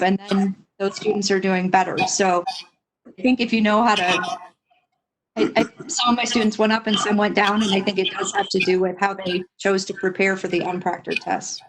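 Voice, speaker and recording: A woman's voice: medium pitch, slight background noise, poor audio. A woman teacher on a video call, explaining her view in a thoughtful, run-on way. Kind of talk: casual meeting talk.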